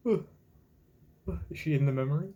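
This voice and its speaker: A man with a slightly high, warm, mellow voice gives live reaction commentary on a manga chapter. He is excitable and casual, and he swears freely. He talks from a home streaming setup. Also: normal speed, highs cut off.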